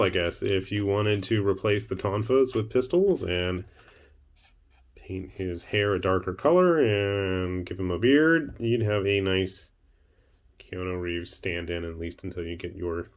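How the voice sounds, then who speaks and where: A man hosting his own miniatures channel, chatting casually as he unboxes and builds a model, with wry asides and a bit of self-deprecating humour. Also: low-pitched. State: hiccuping. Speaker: miniatures hobby channel host.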